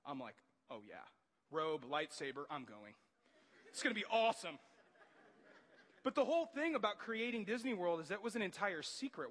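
Excited pastor preaching in a reverberant hall. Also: male voice, on the high side, husky. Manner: animated, jokey, swings to loud excited outbursts. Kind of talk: sermon.

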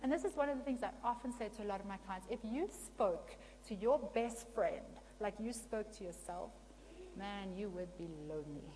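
Lively woman preaching in an echoing hall. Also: medium pitch, moderate pace. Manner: lively, conversational, often asking the audience. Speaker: Christian speaker and counselor. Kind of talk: sermon. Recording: long hall reverb with faint hum.

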